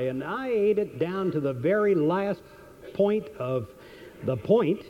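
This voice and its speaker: A man's voice: sits high, animated, unhurried, pauses often, slight background noise. A man giving a motivational seminar, telling stories earnestly and repeating his key questions, on a dull lo-fi recording. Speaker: seminar speaker. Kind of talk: motivational seminar talk with storytelling.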